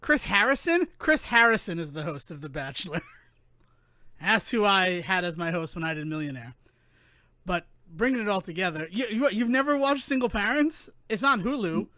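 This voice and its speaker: A man co-hosting a podcast, chatting casually in an animated, rambling way that keeps interrupting itself. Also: sits high, moderate pace, no echo, studio quality. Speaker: podcast co-host. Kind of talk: casual chat.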